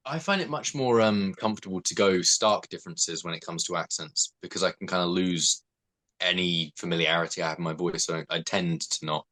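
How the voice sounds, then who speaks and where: A man's voice: deep voice, brisk, pushed and bright, rough recording. A young British man, an actor, chatting casually and thoughtfully as a podcast guest. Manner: laughs often, thoughtful and self-deprecating.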